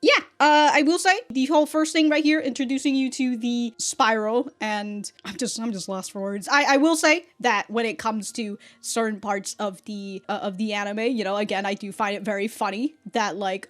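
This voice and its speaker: Excitable, swearing woman reacting to anime. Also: on the high side, normal speed. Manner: excitable, profane, laughs often. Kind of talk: casual reaction commentary.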